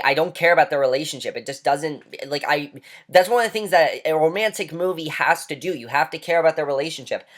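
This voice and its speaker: Heated ranting male movie reviewer. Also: fairly high pitch. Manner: heated, emphatic and blunt, with swearing.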